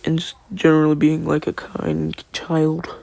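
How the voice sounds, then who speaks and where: A man's voice: fairly high pitch, monotone, unhurried, creaky, darkish tone, no echo. A man casually narrating a fan-made story, rambling with slangy asides and wandering off on tangents.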